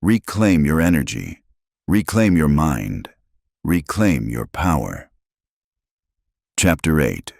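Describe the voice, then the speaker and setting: A man narrating a self-help audiobook from a script, speaking dramatically in short punchy phrases with pauses between them. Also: extremely low pitch, very animated, creaky, no echo, studio quality.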